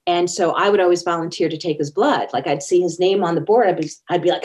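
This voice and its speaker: A woman's voice: lowish voice, fairly quick, few pauses, a little mellow. A woman telling personal stories as an interview guest, earnest and acting out the quotes. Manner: earnest, acts out quoted speech. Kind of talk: personal storytelling in conversation.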